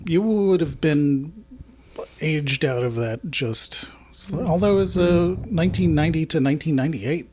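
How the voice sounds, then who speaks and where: A man's voice: fairly high pitch, expressive, darkish tone, slight background noise. A man co-hosting a library podcast in casual chat, wry and teasing. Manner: wry, teasing, drawn-out asides.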